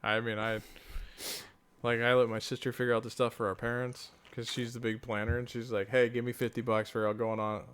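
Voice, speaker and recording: A man's voice: mid-range voice, flat delivery, a little fast, fairly bright tone, clean tone. Easygoing man with dry quips. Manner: easygoing, dry quips and short agreeing replies. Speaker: podcast co-host. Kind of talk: casual podcast chat.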